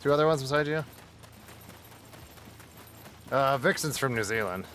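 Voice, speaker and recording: A man's voice: medium pitch, lively intonation, a little slow, fairly bright tone, a little hiss or hum. A young man streaming a survival game, chatting loosely with his viewers, swearing freely and laughing at his own jokes. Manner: loose, profane, jokey, often laughing. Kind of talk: casual live-stream gaming chat.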